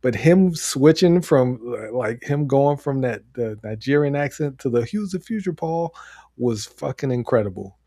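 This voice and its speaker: A man co-hosting a podcast, talking casually and excitedly, rambling with frequent laughs. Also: mid-range voice, moderate pace, few pauses, dry recording, studio quality. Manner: animated, rambling, laughs often. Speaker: podcast co-host. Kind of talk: casual wrestling chat.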